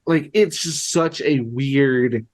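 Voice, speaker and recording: A man's voice: medium pitch, slow. A young man co-hosting a podcast in casual chat, rambling, amused and full of "like". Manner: rambling, heavy use of "like", amused. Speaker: podcast co-host.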